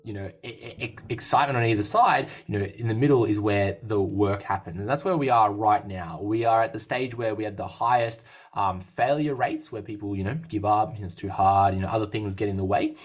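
Guy coach hosting a fitness podcast, husky, keeps restarting words. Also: on the low side, fairly quick. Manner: upbeat, rambling, many restarts and fillers. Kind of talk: casual podcast chat.

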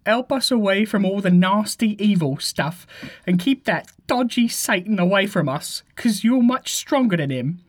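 A man's voice: sits high, lively intonation, moderate pace, pitched above the performer's own voice. A man reading a prayer aloud as a cheeky Cockney bloke, in a put-on Cockney accent, chummy and slangy. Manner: chummy, slangy, suppressing laughter. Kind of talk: comic dramatic reading.

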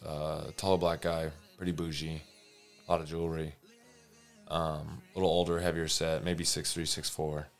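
Low-voiced man telling bar stories. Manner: animated, acts out dialogue in higher voices, swears freely. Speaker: bartender. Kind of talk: casual storytelling chat.

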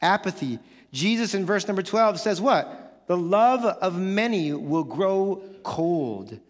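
A male pastor preaching a sermon, animated, acting out casual quoted voices and building up to excited shouts. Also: sits high, slow pace, long reverb tail. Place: church sanctuary.

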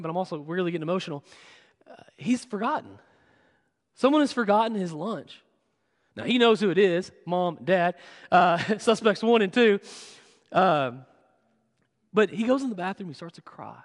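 A man in his thirties preaching a sermon, telling a family story in a conversational, self-deprecating way. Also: high-pitched. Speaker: pastor. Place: church sanctuary. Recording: long church hall reverb.

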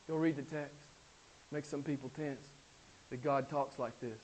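A pastor preaches to a small congregation, veering from loud, high exclamations to soft, low passages and leaning on repeated phrases and rhetorical questions. His tone stays steady, and he speaks a little slowly.

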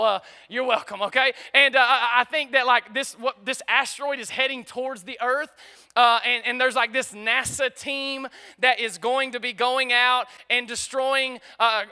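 A man, preaching a lively sermon and calling out to the crowd in an excited, chatty way during a live church service. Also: very high voice, clear, resonant tone. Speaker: pastor.

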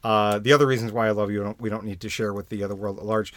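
A man's voice: fairly low pitch, little pitch movement, rapid-fire, dry recording. A man co-hosting a podcast, teasing and joking playfully with frequent interruptions. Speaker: podcast co-host. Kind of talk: casual banter.

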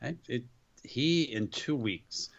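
A man co-hosting a casual wrestling podcast, chiming in with quick reactions and opinions. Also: medium pitch, expressive, vocal fry, lo-fi sound. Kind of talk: casual chat.

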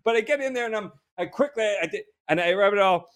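A man from New Jersey telling a long story as a guest, animated, with frequent restarts and laughter. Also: high-pitched, fast talker. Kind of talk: casual storytelling.

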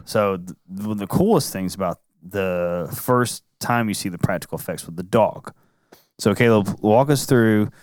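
A man's voice: fairly low pitch, normal speed, no room sound, studio quality. A man hosting a casual movie-review chat, rambling along with lots of "like" fillers. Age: adult. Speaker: podcast host.

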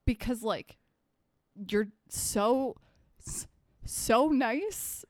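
A woman's voice: on the high side, very slow, no echo, clean studio sound. A young woman co-hosting a podcast in casual chat, laid-back and wry. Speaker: podcast co-host.

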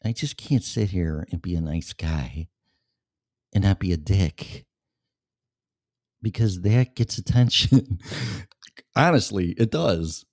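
A lowish-voiced man hosts his own radio show and talks straight into a studio mic. He rambles in a blunt, profane way, and the sound is dry and close with almost no room echo. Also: expressive, takes it slowly, long pauses. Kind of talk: casual monologue. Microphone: studio microphone.

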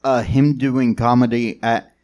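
A man's voice: mid-range voice, steady tone, a little slow, a little mellow, dull audio. A man co-hosting a podcast, laughing often and chiming in with short remarks. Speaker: podcast co-host and comic. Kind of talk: casual chat.

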